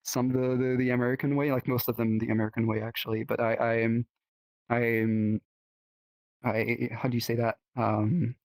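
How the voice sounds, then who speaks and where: Halting French-accented man, dry sound. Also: mid-range voice, level tone, no room sound. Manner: halting, many restarts and fillers. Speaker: podcast guest. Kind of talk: casual chat.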